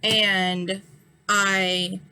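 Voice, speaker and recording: In a very slow, mid-range voice with little pitch movement, a pushed, bright quality and a clean tone, a vlogger in her thirties retells an incident. Her eye is injured and swollen, and her casual storytime monologue is frank and heated, with lots of fillers.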